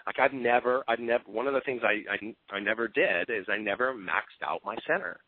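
A man's voice: mid-range voice, brisk, few pauses, slight background noise. A man giving an earnest, openly emotional motivational talk as a team coach. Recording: tinny phone-line sound.

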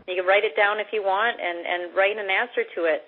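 A middle-aged woman from Canada giving a motivational talk as a guest speaker, loud, direct and upbeat. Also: medium pitch, steady tone, a little fast, slightly rough. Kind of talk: motivational talk on a conference call. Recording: phone-line conference call.

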